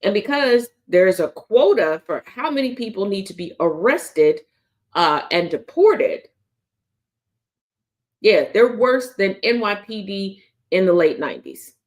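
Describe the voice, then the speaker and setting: A woman's voice: mid-range voice, expressive, a little slow. A woman hosting a daily news commentary show, talking bluntly and sarcastically with plenty of profanity. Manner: taunting, confrontational. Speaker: host.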